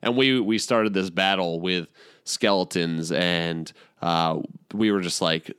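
A man's voice: deep voice, slow pace, fairly bright tone, smooth, no echo, clean studio sound. A man who plays in a tabletop game, casually and animatedly retelling a session, often laughing and using fillers. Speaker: player.

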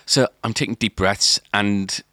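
Unhurried and steady, a podcast co-host with a fairly low, bright, forceful voice works through a long casual story. He keeps rambling with lots of filler and restarts, and there's no room sound.

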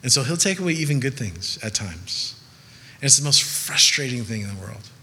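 Young male pastor from Southern California, bright voice, long hall reverb. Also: medium pitch, moderate pace. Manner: conversational, animated storytelling with laughs. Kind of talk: sermon.

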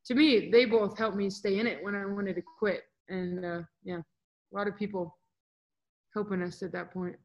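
A young adult woman, a volleyball player and guest, telling stories in a casual, animated interview. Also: medium pitch, moderate pace, rough recording. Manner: animated, chatty, acts out quotes.

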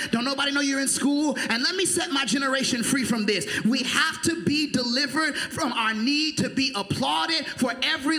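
A male preacher giving an emphatic sermon in a large church, rising to shouts and calling on the congregation. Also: high-pitched. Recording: echoey hall.

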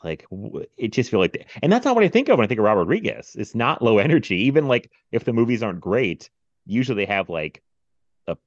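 A man's voice: fairly low pitch, no echo, muffled recording. A man hosting a movie podcast, chatting casually with frequent laughs and fillers. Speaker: podcast host.

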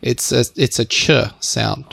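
A man co-hosting a podcast, explaining things in casual chat with quick asides. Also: medium pitch, steady tone, vocal fry, fairly bright tone, no room sound. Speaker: podcast co-host.

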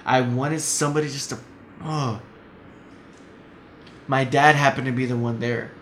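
A man's voice: mid-range voice, fairly even intonation, measured pace, fairly bright tone. A man telling a story in casual chat as a podcast guest, blunt and heated, swearing often. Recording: echoey room, faint noise.

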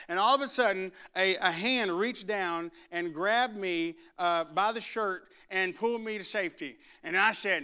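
A man delivering a sermon in a church, moving from a quiet prayer into an animated story told with acted-out voices and rising shouts. His voice sits high and carries a bright, clear ring. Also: fairly quick, few pauses. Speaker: preacher. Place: church sanctuary.

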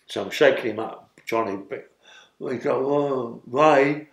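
A man's voice: fairly low pitch, normal speed, creaky, echoey room. An older man from London with a London accent, telling a rambling prison story in an interview and checking in with "yeah?". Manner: rambling, keeps adding "yeah?". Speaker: interviewee, former criminal.

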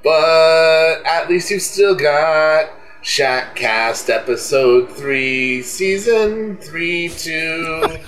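A man's voice: high voice, fairly bright tone. A man co-hosting a casual podcast, closing the episode with dry, sardonic humor. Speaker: podcast co-host.

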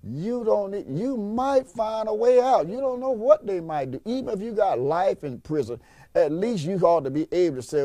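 A man's voice: high voice, expressive, moderate pace, mellow, dry recording. A man preaching a sermon with emphasis, repeating points and asking rhetorical questions.

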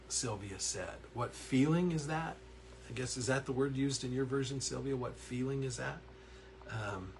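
A man's voice: medium pitch, slight background noise. A man leading an online Bible study from his counseling office, reading verses aloud, answering viewers' typed comments and getting worked up as he explains the text. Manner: earnest, animated, reads verses aloud and reacts to typed comments.

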